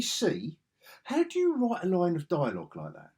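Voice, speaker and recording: Man, husky voice, exasperated sarcastic rant, casual video review. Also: sits high, wildly swooping pitch, moderate pace, a little mellow. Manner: sarcastic, exasperated ranting with frequent restarts. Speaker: film reviewer.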